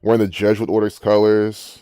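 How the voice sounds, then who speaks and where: A man's voice: lowish voice, completely flat delivery, brisk, dark tone, smooth, no room sound, studio quality. Rambling, profane man ranting. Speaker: channel host. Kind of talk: ranting screen-reading commentary.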